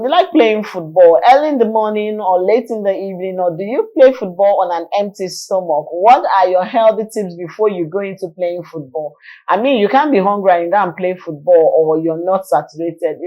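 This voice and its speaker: A woman with a Nigerian English accent hosting a live morning call-in show, lively and quick to laugh. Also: medium pitch, low-quality recording. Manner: lively, laughing, reads listener texts aloud. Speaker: radio/TV show host.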